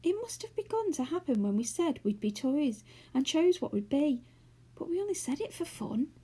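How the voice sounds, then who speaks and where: A woman's voice: high voice, moderate pace, voice pushed up. A woman doing a squealing little girl doll. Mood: dismayed. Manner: excited, fretful.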